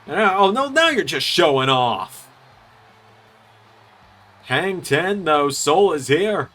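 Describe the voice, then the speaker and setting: A man hosting and commentating on a wrestling video game series, doing chatty, excitable play-by-play with jokes. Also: a little high, slow.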